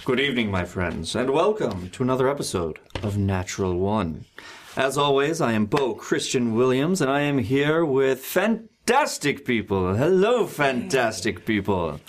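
A man's voice: mid-range voice, normal speed, slight background noise. A man hosting a tabletop game podcast as dungeon master, chatting loosely and laughing with his players. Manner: lively, laughing, loose banter. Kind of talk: casual tabletop game chat.

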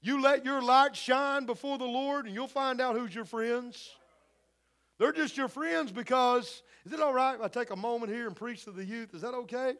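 A man preaching a sermon with passion, swinging from hushed tones to shouting, repeating himself and using many "uh" fillers. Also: very high voice, normal speed. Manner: repetitive, with frequent "uh" fillers.

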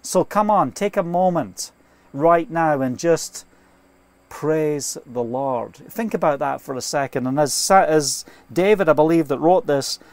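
A man's voice: on the high side, moderate pace, a little mellow, no room sound. A man preaching an informal sermon, earnest and fervent, telling stories and quoting scripture, speaking from inside a trailer.

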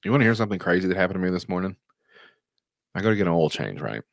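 A man's voice: deep voice, sing-song, racing, vocal fry, no room sound, clean studio sound. A man guesting on a podcast, telling crude, joking stories and acting out what people said. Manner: crude, joking, acts out quotes. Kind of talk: casual chat.

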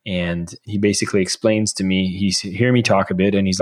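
A man in his thirties, a guest on a podcast, telling stories in a casual, animated way and acting out the lines people said to him. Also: low voice, a little fast. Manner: animated, acts out quoted dialogue. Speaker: podcast guest, sales author. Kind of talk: casual interview storytelling.

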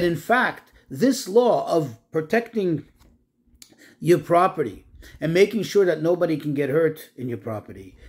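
Man, Torah lesson, slightly high voice, rhetorical questions, slows on key terms. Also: darkish tone. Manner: rhetorical questions, slows to stress Hebrew words. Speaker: Torah teacher. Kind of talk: Torah class on the weekly portion.

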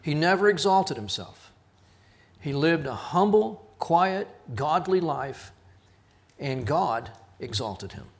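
A middle-aged man leads a Bible study in a somewhat high voice. He teaches through personal stories, raising his voice to act out the people he quotes and chuckling at himself along the way. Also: big pitch swings, slow pace. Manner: storytelling, quotes others in raised voice, chuckles at himself. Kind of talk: sermon.

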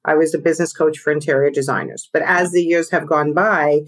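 A middle-aged woman with a New York accent, a business coach talking fast and energetically in a podcast interview, laughing often. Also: sits low, fairly even intonation.

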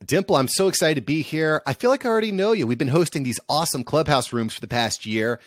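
A man's voice: on the high side, quick pace, no echo. Upbeat american guy telling his story on a podcast, dry close mic. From United States. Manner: upbeat, energetic, animated storyteller. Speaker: podcast production agency founder, guest. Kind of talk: casual interview storytelling.

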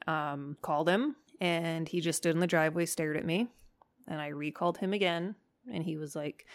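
A woman dog trainer hosting her podcast, telling stories in a casual, animated way, swearing freely and acting out her own lines. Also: deep voice. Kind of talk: casual storytelling monologue.

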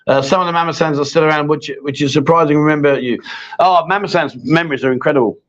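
A man's voice: a little high, fast. A middle-aged man hosting a casual live chat show, chatty and joking as he reads out viewer questions. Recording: dull lo-fi stream audio.

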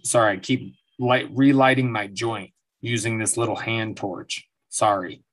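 A man's voice: fairly low pitch, moderate pace, few pauses. A man in his forties hosting his own show, telling stories in a rambling, profane monologue and laughing often. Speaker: podcast host. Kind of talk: casual monologue. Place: at home.

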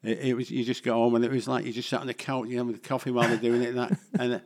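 A man's voice: mid-range voice, little pitch movement, very fast. Chatty older Mancunian man. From England. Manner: rambling, chatty, self-deprecating. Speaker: guest actor. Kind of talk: casual interview chat.

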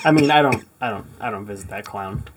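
A man's voice: lowish voice, fairly quick, breathy edge. A man rambling through casual podcast banter. He hedges and jokes at his own expense as he talks. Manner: rambling, self-deprecating. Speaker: podcast co-host.

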